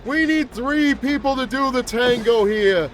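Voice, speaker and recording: Man putting on a creaky-pitched, slow, grumbling old monster who rambles and complains about everything. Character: cranky rambling old man, a mutated flower-headed monster. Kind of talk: gameplay roleplay commentary.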